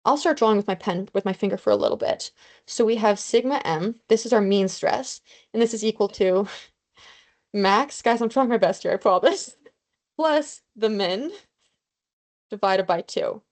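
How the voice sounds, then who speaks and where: A woman's voice: mid-range voice, expressive, normal speed, a little mellow. A young woman tutoring a review session over a video call, casual and self-deprecating as she explains formulas. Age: young adult. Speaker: student tutor. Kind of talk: online review lesson.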